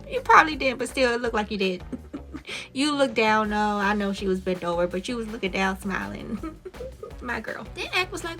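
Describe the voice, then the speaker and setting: High-pitched laughing woman recapping a show. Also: normal speed, a bit bright, faint music behind. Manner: laughs often, acts out characters' lines in quotes. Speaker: video host recapping a series episode. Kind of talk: casual reaction recap.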